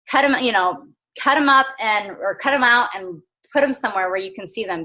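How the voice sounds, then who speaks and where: A woman with a bright, forward voice, talking to her team in a casual motivational call. She is chatty and earnest, filling pauses with "um" and soft laughs. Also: mid-range voice. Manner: chatty and earnest, with frequent fillers and small laughs. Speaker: team coach.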